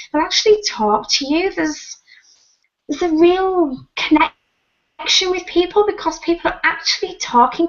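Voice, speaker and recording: This is a high-pitched woman with a Northern English accent, her voice made croaky by a sinus infection. She chats in an emphatic, repetitive way. The video call audio is dull and lo-fi. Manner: emphatic, chatty, repeats "actually". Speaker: guest. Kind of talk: casual video-call chat.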